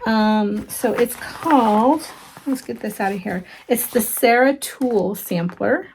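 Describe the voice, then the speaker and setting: A woman chatting casually to her viewers as she shows off stitching gifts, gushing warmly and dropping into soft asides with frequent ums. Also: on the high side, slow pace, slight background noise. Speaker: cross-stitch vlogger. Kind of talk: casual show-and-tell chat.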